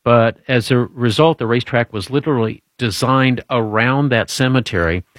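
A man's voice: mid-range voice, moderate pace, no echo, clean studio sound. A man hosting a casual trivia quiz, chatty and jokey, wandering through his explanations with restarts. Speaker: show host running a trivia quiz. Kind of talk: casual radio-style trivia chat.

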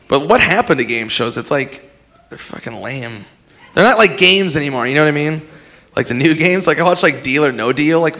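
A man doing a stand-up comedy set, profane, acting out characters along the way. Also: medium pitch. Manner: animated, profane, acts out characters.

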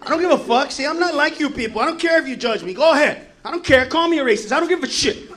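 Man, stand-up comedian, very high voice, profane ranting with shouted bursts. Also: animated, fast. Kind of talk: stand-up routine.

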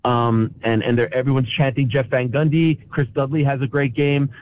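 A man's voice: mid-range voice, level tone, moderate pace. Emotional man on a tinny phone line. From Canada. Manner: emotional, restless, many restarts. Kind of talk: casual chat.

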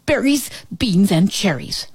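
A woman's voice: medium pitch, very animated, measured pace, a little mellow, breathy edge, dry recording, exaggerated voice. A woman voicing an eager, determined male farm dog in a storybook, barking his lines. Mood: earnest.

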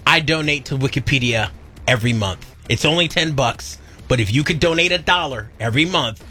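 A man co-hosting a radio show in casual banter, animated and wisecracking, often going off on tangents. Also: medium pitch, a little fast.

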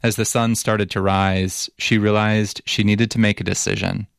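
A man narrating a documentary story as reporter in a measured, even way, also asking interview questions. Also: on the low side, creaky, no echo, studio quality.

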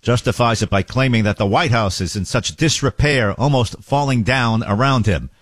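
A man's voice: medium pitch, normal speed, dry recording. A man hosting a morning talk radio show, sarcastic and jokey, often mimicking the people he talks about.

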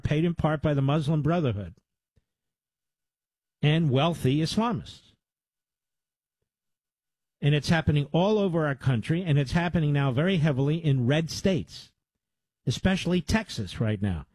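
Man, radio talk host, mellow, dry studio, emphatic repetitive delivery. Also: a little high, expressive, normal speed, long pauses, slightly rough, no echo, poor audio. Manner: emphatic, repetitive lists, rising to urgent.

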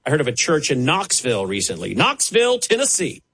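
Tv preacher guy, fired up, husky voice, pitch all over the place. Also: huge pitch swings, a little fast, a bit bright, rough recording. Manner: impassioned, dramatic rises and drops. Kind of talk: televised sermon.

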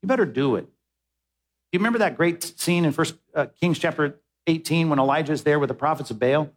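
Male pastor, sermon delivery, emphatic and insistent, slightly high-pitched. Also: animated, a little fast. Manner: emphatic, repeats words when pressing a point.

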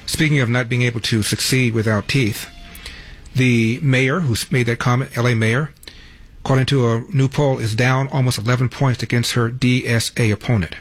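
A man's voice: medium pitch, fairly even intonation, moderate pace, no room sound, soft background music. A man hosting a talk radio show from a studio, delivering an emphatic opinion monologue with sarcastic asides.

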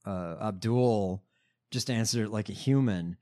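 A man's voice: lowish voice, dark tone. A man co-hosting a casual political podcast, laughing often and swearing. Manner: laughing, profane, given to quick mimicry. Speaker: podcast co-host.

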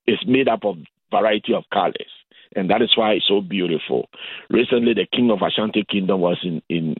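A man from Ghana with a Ghanaian accent, calling in as a guest on a radio interview and explaining things in a measured way. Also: fairly low pitch, vocal fry, breathy edge, dry recording. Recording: phone-line sound.

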